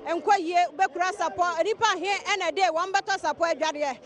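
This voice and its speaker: A Ghanaian woman reporting from a busy outdoor station, interviewing passers-by and reading sponsor plugs and phone numbers in a brisk manner. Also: very high voice, some chatter behind. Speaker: street reporter and host. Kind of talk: vox-pop street interviews and sponsor announcements.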